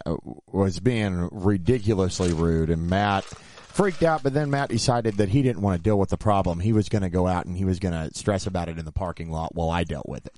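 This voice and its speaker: A man with a fairly low voice tells a road story from touring with his band, in a relaxed chat. He jumps up loud and high whenever he quotes a heated argument. The sound is close and dry, with no room around it. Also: no room sound. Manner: animated, rises sharply when quoting arguments. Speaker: band member telling road stories.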